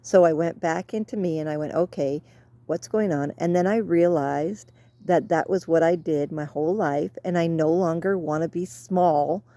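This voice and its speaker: Middle-aged woman, low mellow voice, rambling reflective vlog chat recorded outdoors. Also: moderate pace, no echo. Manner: rambling, soft and reflective, drifts off topic. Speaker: vlogger. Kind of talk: casual personal reflection.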